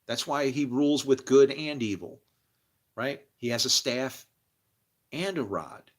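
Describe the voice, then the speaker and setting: A man on a livestream, preaching in a rambling religious monologue, swinging from murmurs to loud bursts and laughing between phrases. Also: medium pitch, measured pace.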